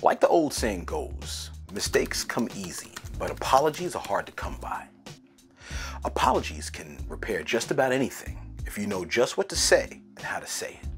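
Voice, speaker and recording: Lively man teaching English. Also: fairly low pitch. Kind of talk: scripted lesson narration.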